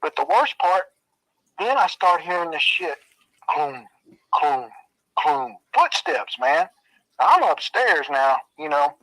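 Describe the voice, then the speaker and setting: A man spins a scary tale in a loose, drawling voice that sits a little high, and he throws in booming footsteps and other sound effects. The sound is close and dry, with no room behind it. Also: sing-song, a little slow, creaky, bright, forceful tone, dry recording, low-quality recording. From Arkansas. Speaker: storyteller. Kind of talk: casual spooky storytelling.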